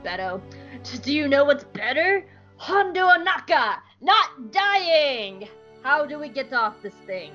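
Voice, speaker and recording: A woman's voice: high-pitched, slow, highs cut off, faint music behind, pitched above the performer's own voice, exaggerated voice. A woman voicing a cheeky, self-serving male pirate who is eager to escape. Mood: excited. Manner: excited, exclaiming.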